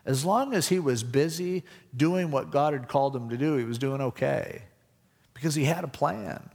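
A man's voice: on the high side, normal speed, gravelly, a little mellow, long reverb tail. A man preaching a conversational sermon, acting out the voices in his stories. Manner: conversational, acts out voices in anecdotes. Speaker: pastor.

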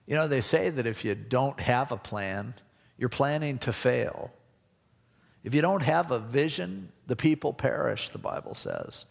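A man's voice: mid-range voice, animated, a little slow, gravelly, long reverb tail. A man preaching a conversational sermon, acting out the voices in his stories. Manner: conversational, acts out voices in anecdotes. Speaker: pastor.

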